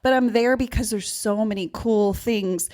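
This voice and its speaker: A woman's voice: a little high, normal speed, a little mellow. A woman with a Southern US accent hosting a podcast in casual chat, upbeat and chatty, laughing often. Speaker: podcast host.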